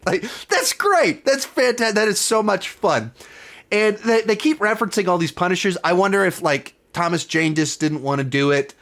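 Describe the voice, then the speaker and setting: A man with a fairly high speaking voice hosts a loose, unscripted film review. He rambles enthusiastically and keeps restarting his sentences as new thoughts come to him. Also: animated, fairly bright tone. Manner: enthusiastic, rambling, quick self-corrections. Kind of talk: casual spoiler review talk.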